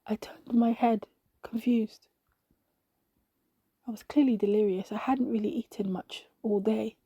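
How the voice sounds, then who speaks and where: A woman reading a scripted dramatic monologue for a podcast, slow and intimate, often sinking to a whisper. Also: fairly high pitch, steady tone, mellow, husky, dry recording, highs cut off. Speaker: podcast narrator.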